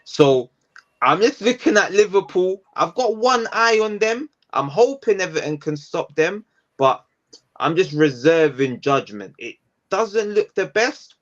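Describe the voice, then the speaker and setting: A man's voice: fairly high pitch, a bit bright, dull audio. A man giving his view on football in a casual podcast chat, thoughtful and repeating phrases for emphasis. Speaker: podcast panelist.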